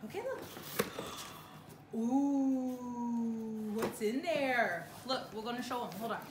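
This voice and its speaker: A woman's voice: on the high side, takes it slowly. A woman vlogging casually, cooing baby talk at her dog and laughing often. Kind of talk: casual vlog talking to a pet. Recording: echoey room with noise.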